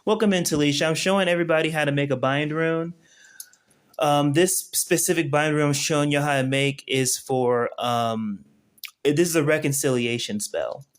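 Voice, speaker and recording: This spiritual teacher's voice is slightly high, clear and resonant, moving at a moderate pace. During his casual live-stream tutorial he guides viewers step by step and frequently checks that they're following.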